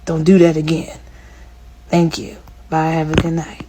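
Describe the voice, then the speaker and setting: A woman giving scolding, profane advice in a forceful monologue. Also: low voice, completely flat delivery, measured pace, background noise. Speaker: advice speaker.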